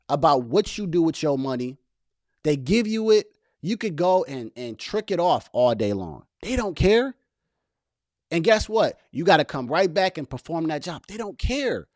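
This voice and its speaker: A man's voice: a little high, darkish tone, no echo, studio quality. A man hosting a casual commentary video, talking passionately and directly to viewers with plenty of slang about keeping a job while building a business. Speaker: host reacting to a podcast clip.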